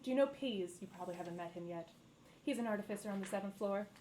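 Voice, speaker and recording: A woman's voice: medium pitch, fast talker, darkish tone, a little hiss or hum, lightly acted, poor audio. A woman voicing a prim, self-important tiefling official who talks down to her intern in a pompous, clipped way. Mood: confiding.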